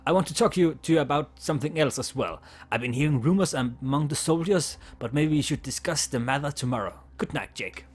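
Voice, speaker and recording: A man's voice: on the high side, lively intonation, a little fast, hardly any pauses, breathy edge. A man voicing a friendly Italian assistant cook on a ship in a text adventure game, with a clumsy put-on accent. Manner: attempted fake Italian accent.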